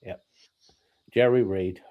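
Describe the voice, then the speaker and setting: A man from Britain co-hosting a casual podcast, teasing his friends with quick banter. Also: low-pitched, steady tone, narrow, tinny audio. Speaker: podcast co-host. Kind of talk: casual chat.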